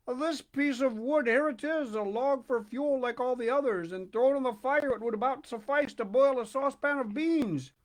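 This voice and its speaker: A man's voice: high voice, expressive, moderate pace. A man voicing a frightened old carpenter who stutters and trembles, in a storybook reading.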